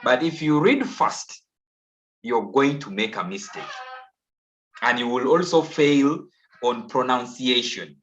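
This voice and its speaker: A man's voice: mid-range voice, lively intonation, slow pace, long pauses, a bit bright, slight background noise. A man with a Ugandan English accent teaching an online class, coaxing pupils and repeating himself patiently. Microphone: video call. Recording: dull, lo-fi online call audio.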